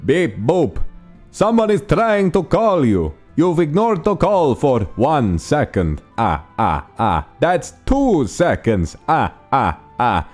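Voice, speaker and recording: A theatrical vampire count who drags out every number. The voice jumps far above the performer's usual deep register and moves slowly and grandly. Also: male voice, huge pitch swings, a little mellow, soft background music, heavily acted. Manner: exaggerated Dracula accent, drawn-out counting laughs.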